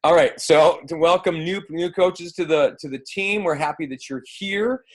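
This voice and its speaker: A man's voice: fairly high pitch, moderate pace. A man runs a weekly team call in a loose, joking way. He is geeky and playful, with plenty of ums and uhs, and sounds like he is on a phone line. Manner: playful, geeky, jokey, with many fillers. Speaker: host of a team coaching call. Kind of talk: casual chat.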